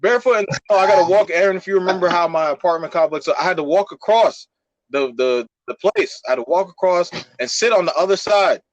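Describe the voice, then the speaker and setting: A young man co-hosts a podcast in a fairly high voice, spinning a story in an animated, profane way with plenty of fillers. The sound is dry and close to the mic. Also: brisk, no room sound, dull audio. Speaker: podcast co-host. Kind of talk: casual storytelling.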